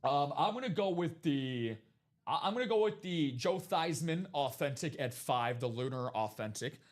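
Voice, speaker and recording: A man's voice: on the high side, expressive, normal speed. Hyped man hosting a live stream. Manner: chatty, hyped, jokey. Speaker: live break stream host. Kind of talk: upbeat live-stream sales patter. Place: studio break room.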